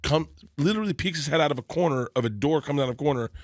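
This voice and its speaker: A middle-aged comedian telling a comic story on a podcast, animated and quick to act out other people. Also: male voice, a little high, no echo, studio quality. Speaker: comedian guest.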